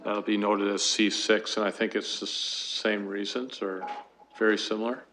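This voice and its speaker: A man's voice: on the low side, little pitch movement, moderate pace, pushed and bright, a little hiss or hum. A man chairing a council committee meeting, speaking hesitantly with fillers into a desk microphone in a council chamber.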